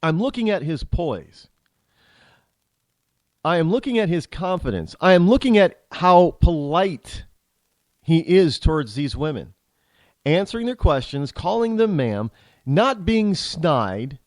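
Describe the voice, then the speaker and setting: A man's voice: a little high, big pitch swings, a little slow, pauses often, darkish tone, no room sound. A middle-aged man hosting a talk show, telling an opinionated story bluntly, with frequent restarts. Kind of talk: storytelling monologue.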